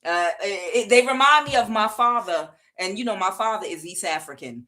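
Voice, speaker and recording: A woman's voice: medium pitch, expressive, normal speed, pushed and bright. A woman giving a casual tarot reading, chatty and rambling, with frequent fillers and laughter. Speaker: tarot reader.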